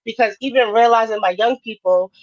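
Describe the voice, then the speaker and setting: A woman's voice: a little high, a little fast, no room sound, muffled recording. A woman guest on a talk show, speaking passionately and informally, with many fillers like "like". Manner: passionate, informal, says "like" often. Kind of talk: casual interview talk.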